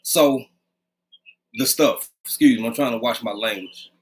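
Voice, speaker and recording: At home and leaning close to his webcam microphone, a man with a medium-pitched voice, a little slow, hosts a casual live stream, greeting viewers by name in an easygoing, conversational style.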